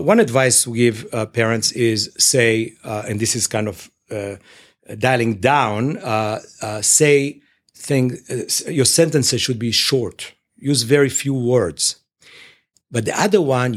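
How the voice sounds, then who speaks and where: A male clinician talks through his ideas in an interview at a middle pitch. He speaks haltingly, often stopping on fillers and restarting his sentences. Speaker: clinician at a psychological services organization. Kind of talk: explaining in an interview.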